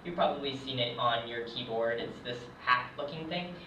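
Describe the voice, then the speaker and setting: Here a young adult hobbyist French teacher runs a casual whiteboard session, hesitant and full of ums. His medium-pitched voice comes at normal speed, pushed and bright. The room recording from a camera is lo-fi, echoey, distant and dull, carrying a little hiss or hum.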